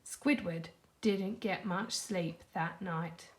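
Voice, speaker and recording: A primary school teacher with a British accent reading a storybook aloud to children, expressive and animated. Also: female voice, fairly low pitch, slow. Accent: British English.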